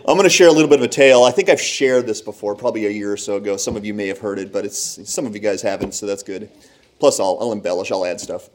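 A man telling a humorous personal story to a live audience in an animated, conversational, self-deprecating way. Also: on the low side, quick pace, slight background noise.

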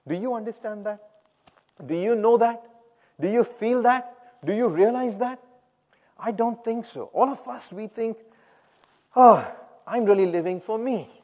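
A man preaching a sermon, who moves between loud, emphatic calls and quiet, reflective asides. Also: very high voice, unhurried, pauses often. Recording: long hall reverb.

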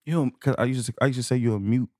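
A man co-hosting a casual podcast chat, teasing his friend, laughing often and needling him with quick questions. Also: mid-range voice, a little mellow, dry recording, clean studio sound. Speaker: podcast co-host.

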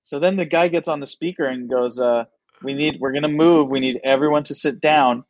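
A man's voice: fairly high pitch, brisk, no room sound, low-quality recording. A man, a comedian guest, telling a story in casual chat and acting out other people's lines.

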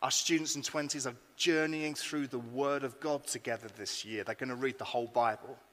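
A man preaching a sermon to his congregation, earnest and rising to bursts of excitement. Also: medium pitch, a little fast. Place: church hall. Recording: long hall reverb.

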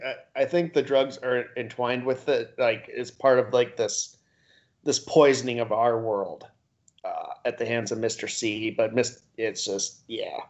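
A man co-hosting a podcast in casual chat, laughing often as he spins theories in loose, profane talk. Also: mid-range voice. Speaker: podcast co-host. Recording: dull lo-fi recording.

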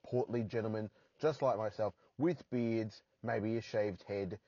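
A man's voice: on the low side, a little slow, mellow, breathy edge, no room sound, dull audio. An Australian man hosting a solo podcast from his parked car, rambling and poking fun at himself with crude jokes. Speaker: podcast host.

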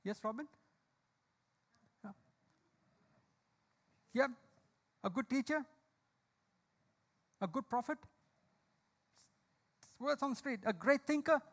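A man preaching a sermon. He puts questions to the congregation, calls on listeners by name and slows down to stress his key lines. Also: extremely high pitch. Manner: slow, emphatic delivery of key lines. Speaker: pastor.

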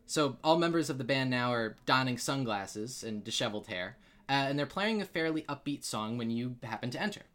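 A man's voice: mid-range voice, animated, fairly quick, a bit bright. A young man narrating a tabletop game as game master, casual and full of fillers. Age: young adult. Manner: casual, many fillers and restarts, laughs often.

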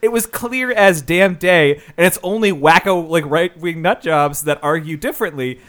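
A man's voice: a little high, normal speed, a bit bright. A man co-hosting a casual movie review podcast, ranting emphatically and laughing often. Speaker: podcast co-host.

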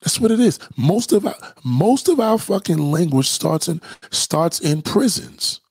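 Husky New York man, lively street talk. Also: on the high side, a little slow, dry recording. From New York City. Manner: profane, animated, heavy slang, repeats himself. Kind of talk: casual street-talk monologue.

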